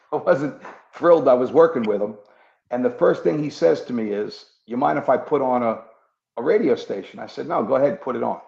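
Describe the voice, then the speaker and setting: Gravelly ex-cop telling his testimony. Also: medium pitch, darkish tone. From New York. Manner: earnest storytelling, acts out quoted dialogue. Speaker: guest, former police officer turned preacher. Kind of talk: personal testimony in an interview. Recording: muffled echoey room.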